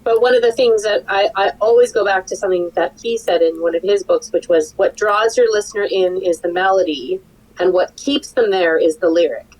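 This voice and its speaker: A woman's voice: medium pitch, fairly quick, darkish tone, rough recording. A woman who teaches songwriting, talking casually in a roundtable, thinking aloud and sometimes humming melodies as nonsense syllables.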